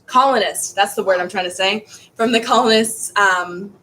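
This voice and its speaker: A woman's voice: mid-range voice, normal speed, bright, forceful tone, a little hiss or hum, poor audio. A woman teaching a history class in a casual, rambling way, stumbling over words and restarting.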